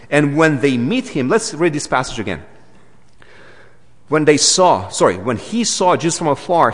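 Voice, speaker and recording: A man with a Romanian accent, a native Romanian speaker, preaching a sermon in an animated, emphatic way, often restarting and stepping into asides. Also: mid-range voice, long reverb tail.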